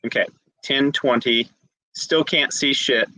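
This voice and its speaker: A man's voice: mid-range voice, takes it slowly, bright, forceful tone, no echo, low-quality recording. A man running a tabletop game as game master, narrating the scene and tallying dice rolls aloud, joking and laughing often.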